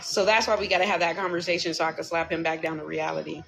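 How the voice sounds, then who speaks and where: A woman's voice: on the low side, level tone, fast, creaky, fairly bright tone, slight background noise. A woman in her thirties telling a personal story to a live chat, candid and profane, stopping often to ask her viewers what they think. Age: 30s. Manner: candid, profane, venting, asks chat for opinions. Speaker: livestream host.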